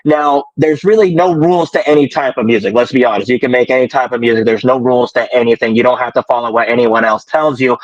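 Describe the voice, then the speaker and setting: A musician from Colorado, speaking with a slight American country twang, chats as a podcast guest in a rambling, self-deprecating way. His voice is mid-range, and the recording is dry and muffled.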